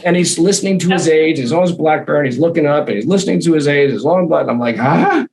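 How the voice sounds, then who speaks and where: A man telling a personal anecdote in a lively, animated way, acting out the voices in his quotes. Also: fairly high pitch, quick pace, a little hiss or hum, low-quality recording. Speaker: guest, storytelling consultant.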